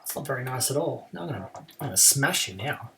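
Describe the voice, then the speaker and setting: A man's voice: mid-range voice, lively intonation, quick pace, pushed and bright, distant mic, slight background noise. A man streaming a game live and chatting casually about his play, with playful trash talk toward his opponent.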